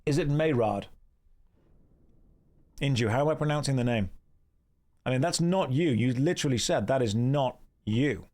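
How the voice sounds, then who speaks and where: A man from England streams an online game, speaking at medium pitch in an animated way at a moderate pace, with long pauses. He chats casually with viewers, reads their messages with wry teasing, and warmly thanks donors.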